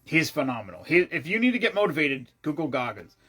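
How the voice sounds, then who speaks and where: A man vlogging, telling a long rambling story in a casual, excitable way, swearing freely and often restarting his sentences. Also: a little high, quick pace, breathy edge.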